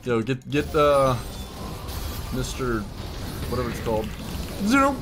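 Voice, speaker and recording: A young man giving excited, laughing commentary while playing a video game, with loud yelps between mumbled asides. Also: medium pitch, a little slow. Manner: hyped, yelling bursts and mumbled asides; laughs often. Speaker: streamer. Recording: game music behind voice. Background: game music.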